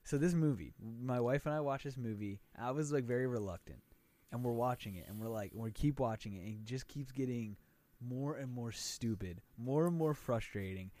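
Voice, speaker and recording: A man's voice: mid-range voice, normal speed. A man co-hosting a podcast, telling stories in casual chat with exaggerated delivery and frequent laughter. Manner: animated, laughs often, exaggerated storytelling. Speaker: podcast co-host.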